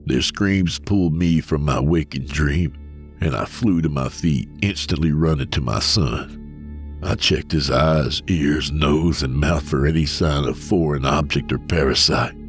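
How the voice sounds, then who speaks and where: A man giving a steady, measured first-person reading of a scripted horror story. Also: rumbling low, soft background music. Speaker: narrator.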